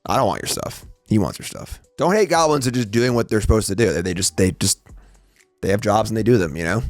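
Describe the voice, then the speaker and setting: A man's voice: fairly low pitch, animated, fast, dry recording, faint music behind. A man chatting and joking while playing a tabletop card game, talking through his moves. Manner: joking, chatty, describes plays aloud. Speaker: guest player. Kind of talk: casual tabletop game chat.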